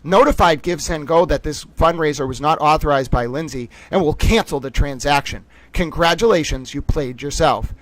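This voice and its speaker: Indignant man, high voice, dry. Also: normal speed, few pauses, no room sound. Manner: heated, indignant, swings from shouting to quiet; reads posts aloud. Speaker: livestream host. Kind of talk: live-streamed commentary.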